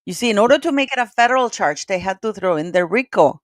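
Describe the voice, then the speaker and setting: A woman on a live call-in panel, talking in a chatty, excitable way with many restarts. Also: medium pitch, fast talker, dry recording, studio quality. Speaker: regular panelist. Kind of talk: casual live call-in chat.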